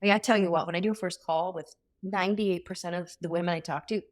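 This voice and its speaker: Blunt, energetic woman coach. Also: lowish voice, fast talker. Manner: energetic, blunt and casual with swearing. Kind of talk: workshop-style coaching talk.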